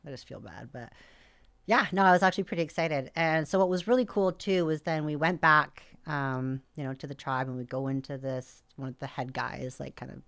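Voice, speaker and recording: A woman from North America, a podcast guest, telling a story in an animated, casual way and often quoting herself. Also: sits low, a little fast. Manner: animated, frequent "like" fillers, quotes herself.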